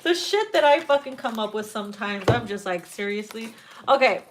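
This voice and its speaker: Chatty woman tarot host, animated and crude, her pitch leaping around as she laughs through the reading. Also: brisk, noisy background. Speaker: tarot reader. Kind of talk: casual tarot reading chat.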